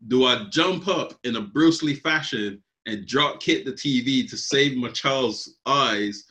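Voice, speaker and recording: Laid-back young dad telling a story. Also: male voice, mid-range voice, unhurried, sharp tone. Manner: laid-back storyteller, laughing, dramatic asides. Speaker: podcast co-host. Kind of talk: casual chat.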